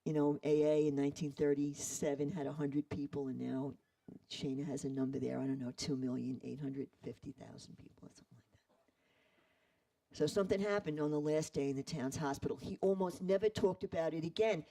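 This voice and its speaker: A man retelling a story in an animated way, acting out the quoted voices. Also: a little high, a little fast, creaky, recorded from a distance, rough recording. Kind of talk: storytelling talk.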